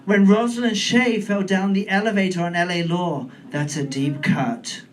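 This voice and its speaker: A British man in his forties performing a stand-up comedy set on a club stage, camp and playful with deadpan asides. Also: high voice, moderate pace. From United Kingdom. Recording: distant mic in comedy club, faint room noise.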